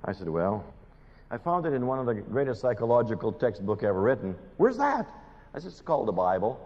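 A man preaching a sermon, animated and pleading, with dramatic pauses. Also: on the low side. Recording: muffled hall recording with long reverb.

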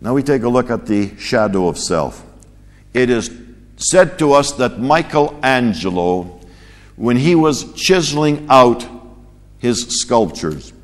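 A man preaching a sermon in an animated way, rising to loud emphatic peaks and dropping to quiet low asides. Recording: long hall reverb.

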